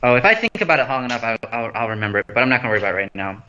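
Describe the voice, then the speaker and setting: A man's voice: medium pitch, very animated, very fast, sharp tone, a little hiss or hum. A man hosting a casual livestream over his phone from an empty new house, rambling playfully and losing his train of thought. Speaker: host. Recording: slightly dull lo-fi phone stream audio.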